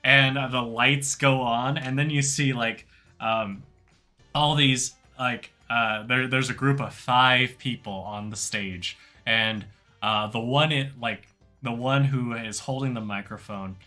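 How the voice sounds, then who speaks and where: A man's voice: mid-range voice, sharp tone. A man narrating as game master in an improvised tabletop game, talking loosely with lots of fillers.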